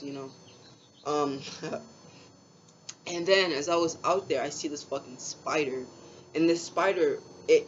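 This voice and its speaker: Laid-back slangy young man, lo-fi. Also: on the high side. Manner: laid-back slangy talk, heavy swearing and fillers. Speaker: spiritual vlogger. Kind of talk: casual rambling storytelling. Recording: dull lo-fi sound with faint background hiss.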